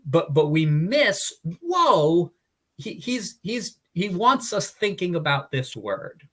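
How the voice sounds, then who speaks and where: Hosting a Bible study podcast, a man teaches in an earnest, casual chat, often restarting sentences and using fillers. His voice sits high with big pitch swings, slightly bright, and he talks slowly.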